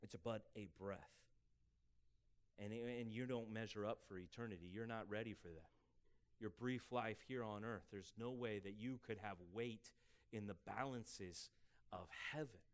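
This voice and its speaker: A man preaching a sermon as pastor, emphatic and rising for scripture, dropping quiet for asides. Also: lowish voice, a little slow. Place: church sanctuary.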